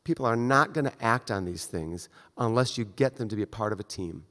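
A man's voice: lowish voice, a little fast, bright, forceful tone. Man lecturing in an echoey hall. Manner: conversational, direct, acts out brief exchanges. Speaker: surgeon lecturer. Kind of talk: conference lecture. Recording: long reverb of a lecture hall.

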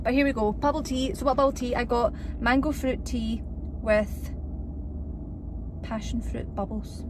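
Young scottish woman rambling at her phone in the car, kinda high voice, lots of road noise. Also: fairly even intonation, a little slow. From Scotland. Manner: chatty, jokey, talks to herself and the camera. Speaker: vlogger. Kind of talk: casual vlog chat. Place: in a car and around home.

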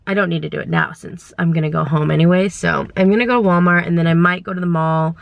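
Rambling young woman with a gravelly voice. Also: on the low side, fast talker, no echo, dull audio. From California. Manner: rambling, indecisive, excitable. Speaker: vlogger. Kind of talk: casual vlog chat. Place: car and store.

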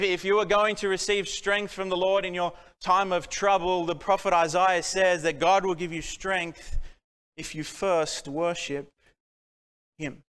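A man from Australia delivers a sermon in a bright, high voice with a smooth, resonant tone. He preaches earnestly, pressing his point with rhetorical questions. Long reverb from the church hall trails each phrase.

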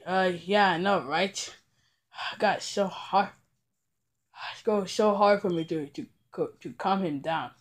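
A man voicing an exasperated, hot-tempered dad who stammers, restarts and sighs a lot in a comedy sketch. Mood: grumbling. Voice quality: stammering, halting delivery with many restarts. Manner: sighing, grumbling, low and muttered. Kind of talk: comedic puppet sketch acting.

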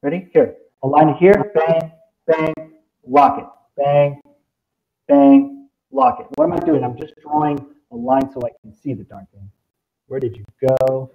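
Man, live software demo, excitable, sound effects, fairly high voice, muffled lo-fi sound. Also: measured pace. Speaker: presenter. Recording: dull lo-fi presentation recording.

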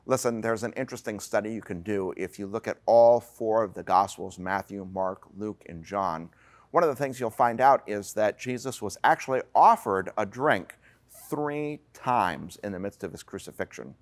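A man pastor preaching a sermon in an earnest way, with slow dramatic pauses and some fillers. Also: on the low side.

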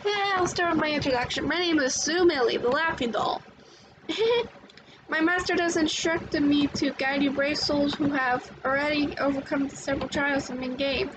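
Sue Millie: sly, giggling doll, high and sing-song, done by a woman in a fan dub, noisy recording. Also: moderate pace, natural voice. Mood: gleeful. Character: creepy giggling female doll, sly and gleeful.

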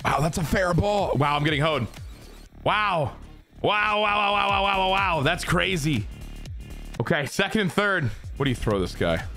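A young male gamer narrating his own baseball video game match in a raised, very lively voice. He curses, groans and cheers, talking half to himself and half to his viewers. Faint music plays underneath. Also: on the high side, vocal fry. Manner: excitable, swearing, talks to himself and his viewers. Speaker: gaming streamer. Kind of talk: live gameplay commentary.

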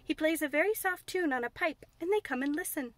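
A woman's voice: sits high, brisk, no echo, voice pushed up, close to an everyday voice. A woman voicing a blunt, curious little girl who tells things earnestly and eagerly.

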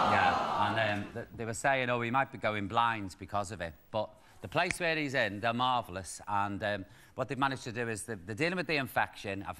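A man in his fifties with a Liverpool accent, hosting a chat show and camping it up with quick asides and jokes at his own expense. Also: mid-range voice. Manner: camp, quick asides, laughing at himself. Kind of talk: camp comic chat to a studio audience. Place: TV studio with live audience. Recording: studio noise with a loud audience.

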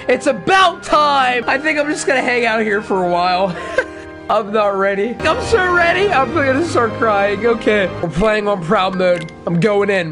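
A high-voiced woman gushes through her game stream, her pitch leaping all over as she laughs and exclaims. She draws out her words, and game music plays clearly behind her. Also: unhurried. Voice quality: high, lively voice that jumps into shouts and laughs. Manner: gushing and giddy, laughing at herself. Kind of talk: excited gameplay commentary.

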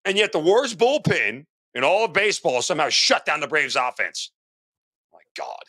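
A man's voice: a little high, sing-song, moderate pace, pushed and bright, breathy edge, dry recording. A man co-hosting a sports betting show, ranting in exasperation and swearing, tagging lines with "okay?".

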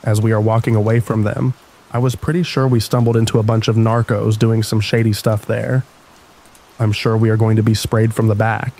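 A man narrating scary stories in an even, slow, soothing bedtime reading style. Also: fairly low pitch, slight background noise, poor audio. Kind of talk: calm scripted storytelling narration.

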